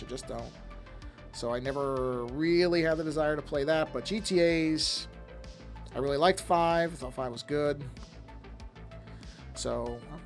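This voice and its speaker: A man with a slightly higher voice chats idly while he draws on a live stream, drifting off topic and muttering to himself over the work. Soft music plays faintly behind him. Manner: rambling, self-talk, easily sidetracked. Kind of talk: casual chat while drawing on a live stream.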